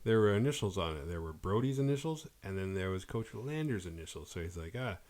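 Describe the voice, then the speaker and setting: A man casually recapping a horror movie on his podcast, acting out characters' lines as he goes. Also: sits low. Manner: animated retelling, quick quoted voices for characters.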